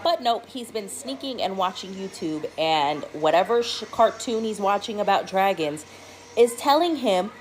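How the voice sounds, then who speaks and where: A woman's voice: medium pitch, normal speed, slight background noise, low-quality recording. Exasperated mother telling a story. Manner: animated, exasperated retelling. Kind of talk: storytime video.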